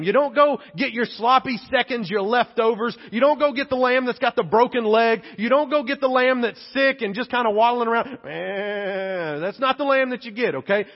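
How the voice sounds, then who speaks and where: A man delivers a conversational sermon in a high register. He drops to hushed tones and then rises to emphatic peaks, now and then acting out little asides. The recording sounds dull and lo-fi. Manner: conversational preaching with acted-out asides. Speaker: pastor.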